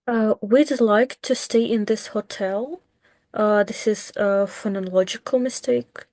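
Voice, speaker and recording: Woman, trainee, slow, careful, dry sound. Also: mid-range voice, fairly even intonation, darkish tone, no room sound. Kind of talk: answering in class.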